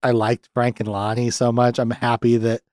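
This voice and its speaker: Dude on a podcast going off about a movie, does goofy high voices for the characters, laughs a bunch, dry mic. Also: male voice, normal speed, dry recording. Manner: animated, acts out characters' lines in high voices, laughs often. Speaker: podcast host. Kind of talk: casual film review chat.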